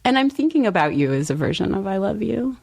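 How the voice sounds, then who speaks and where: A woman author as a podcast guest, talking in a thoughtful, relaxed way, often laughing and hedging with fillers. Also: mid-range voice, fast talker, creaky, slightly rough. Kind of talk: casual conversation.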